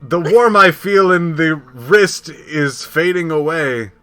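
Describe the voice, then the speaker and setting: Orphan girl, frightened, despairing, read by a man, bright voice, slow. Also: on the high side. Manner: halting, restarts on words while reading. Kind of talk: reading a story game aloud in character.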